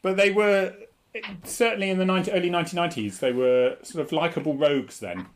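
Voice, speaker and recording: A man's voice: on the high side, sing-song, quick pace. Chatty English man on a casual stream. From England. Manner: chatty, laughs easily, drops into put-on accents. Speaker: co-host. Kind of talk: casual live-stream chat.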